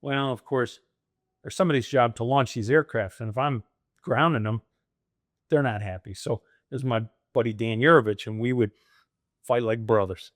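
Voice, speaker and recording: A man's voice: medium pitch, moderate pace, no echo, clean studio sound. A middle-aged man telling stories in an interview, acting out the dialogue as he goes. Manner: animated, acts out quoted dialogue. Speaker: guest. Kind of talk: storytelling interview.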